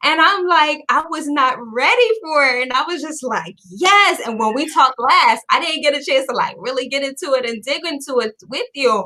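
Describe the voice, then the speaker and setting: A woman host chatting casually on a video call, bubbly and animated, laughing often as she tells stories. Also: high voice, a little fast, hardly any pauses. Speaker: podcast host.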